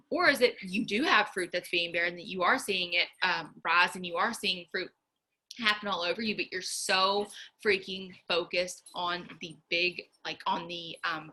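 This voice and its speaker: A woman's voice: fairly low pitch, pushed and bright, rough recording. A young woman, giving a casual, earnest faith talk to her viewers, chatty with many fillers. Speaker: faith vlogger.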